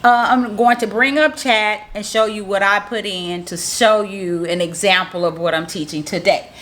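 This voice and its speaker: Woman, marketing coach type; bright, upbeat, motivational tutorial read, repeats her points. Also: medium pitch, fairly even intonation, normal speed. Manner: repeats points in plain, encouraging teaching talk. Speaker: marketing strategist. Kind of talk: casual how-to tutorial to camera.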